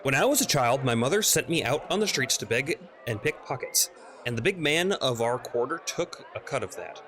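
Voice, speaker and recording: A man's voice: medium pitch, lively intonation, normal speed, fairly bright tone, a little hiss or hum, pitched above the performer's own voice, close to an everyday voice. A man reading the lines of a male thief character telling his backstory in a plain, dry storytelling voice. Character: male street thief recounting a grim childhood.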